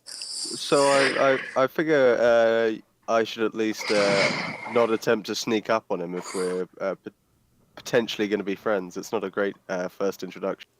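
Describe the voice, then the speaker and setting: A man playing a tabletop game in a casual, hesitant way, with lots of pauses and fillers. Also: on the low side, fairly even intonation, noisy background. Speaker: player.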